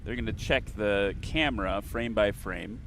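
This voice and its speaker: Bright-voiced excitable airshow commentator man. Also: fairly low pitch, normal speed, a little hiss or hum. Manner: excitable, chatty, reads sponsor spots. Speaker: event commentator. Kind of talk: live play-by-play commentary.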